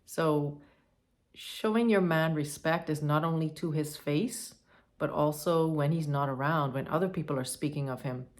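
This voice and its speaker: A woman's voice: deep voice, moderate pace. A woman giving advice to the camera in a monologue, emphatic and firm, repeating her points. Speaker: advice vlogger.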